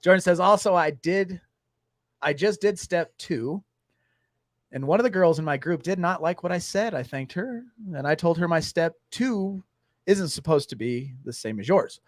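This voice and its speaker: A man's voice: a little high, expressive, normal speed, no room sound, clean studio sound. A man co-hosting a casual recovery livestream, jokey and encouraging. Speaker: recovery group co-host.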